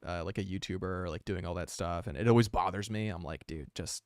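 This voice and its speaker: A male artist talks through his drawing on a live stream, rambling and self-aware, with plenty of fillers. His voice sits somewhat low and sounds smooth. The desk mic gives a dry, close sound. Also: fairly even intonation, fast talker, no room sound. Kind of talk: casual live-stream chat while drawing.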